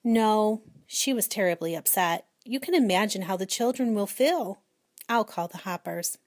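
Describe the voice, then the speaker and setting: A woman reading aloud and voicing a gentle, patient schoolteacher in a children's storybook. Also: mid-range voice, moderate pace, dry recording, studio quality, natural voice. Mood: calm.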